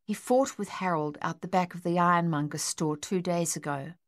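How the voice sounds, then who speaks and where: Woman doing an anxious mum, low and hushed, pleading, dry sound. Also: normal speed, no echo, close to an everyday voice. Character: worried anxious mother pleading with her son.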